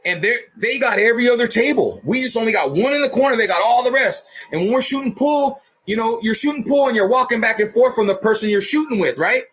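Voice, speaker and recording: A man casually telling a rough story in heavy profanity and street slang, punching it up with sound effects. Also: extremely high pitch, animated, quick pace, hardly any pauses, fairly bright tone. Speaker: storyteller host.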